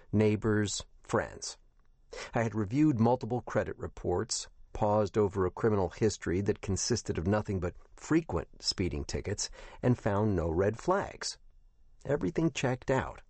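A man narrating a first-person audiobook in a measured, even way. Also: low-pitched, no room sound.

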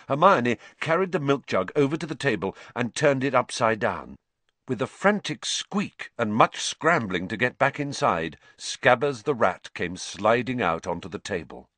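A man narrating a storybook as an audiobook, with an expressive, dramatic reading. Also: on the low side, normal speed, no room sound.

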